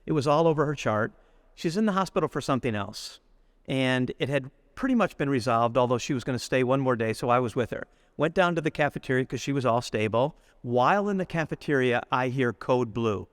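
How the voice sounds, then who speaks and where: A middle-aged man giving a spiritual retreat reflection, deliberate and storytelling, slowing down to linger on lists of words. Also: medium pitch, expressive, dry recording, studio quality. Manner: storytelling, acts out everyday speech. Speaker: retreat speaker.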